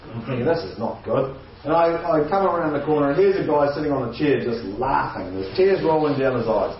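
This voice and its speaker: A man tells a funny anecdote with a lively delivery, slipping into other people's voices and chuckling along the way. He sounds set back from the mic in a very echoey space, and the sound is a little dull. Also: on the high side, quick pace, recorded from a distance. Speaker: guest storyteller. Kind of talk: comedic anecdote.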